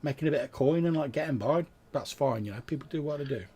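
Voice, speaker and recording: A man's voice: fairly high pitch, quick pace, crowd noise, voice pushed up, lightly acted. A man doing a chatty ferryman. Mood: gossipy. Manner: chatty, rambling, full of fillers. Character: gossipy middle-aged male ferryman.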